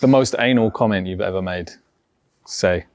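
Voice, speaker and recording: A man's voice: low-pitched, moderate pace, darkish tone. A man hosting a casual podcast interview, asking joking, teasing questions. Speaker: podcast host.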